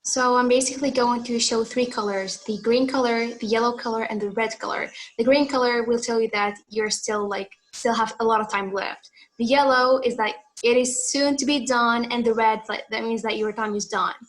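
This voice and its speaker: A woman's voice: a little high, steady tone, normal speed, low-quality recording. A woman explaining her timekeeping role in an online meeting, casual and filler-heavy. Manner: filler-heavy, uses "like" often. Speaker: meeting timer. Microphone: computer mic on video call.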